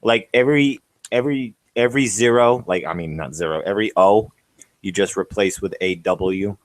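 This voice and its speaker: Low-voiced man in loose banter. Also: moderate pace, no echo. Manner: joking, rambling. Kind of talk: casual banter.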